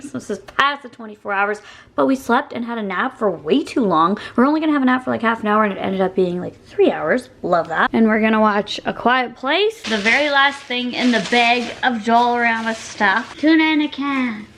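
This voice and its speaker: Woman vlogger, slightly high voice, bubbly and giggly, cooking and chatting at home. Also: lively intonation, normal speed, a bit bright, slight background noise. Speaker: food vlogger. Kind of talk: casual chatty vlog. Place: home kitchen.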